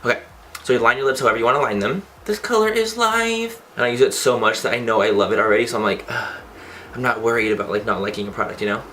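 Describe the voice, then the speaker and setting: A man's voice: fairly low pitch, fairly even intonation, racing, bright, forceful tone, a little hiss or hum. A young man chatting casually through a makeup tutorial, campy and playful, swearing for fun. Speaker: beauty vlogger.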